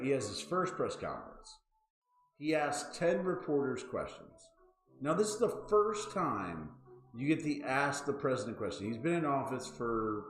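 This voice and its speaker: A man's voice: medium pitch, echoey room, low-quality recording. A man in his thirties hosting a casual chat show, ranting with lots of swearing and exasperation. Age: 30s. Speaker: podcast host.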